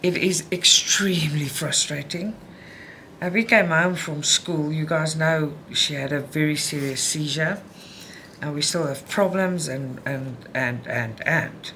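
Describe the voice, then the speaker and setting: A middle-aged woman vlogging about cross-stitch at home, upset and frustrated, venting in a halting way with many restarts. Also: low voice, a bit bright, a little hiss or hum. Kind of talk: casual chat while stitching.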